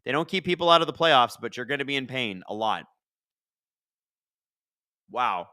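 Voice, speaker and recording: A man hosting a live hockey watch-along, chatting and reacting loudly to plays. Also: mid-range voice, expressive, moderate pace, no echo, clean studio sound.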